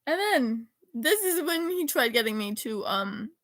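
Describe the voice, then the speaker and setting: A woman's voice: a little high, animated, measured pace, fairly bright tone, no room sound. A teenage girl chatting casually, rambling and correcting herself as she reads old text messages aloud. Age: teens. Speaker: vlogger. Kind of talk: casual chat reading texts aloud.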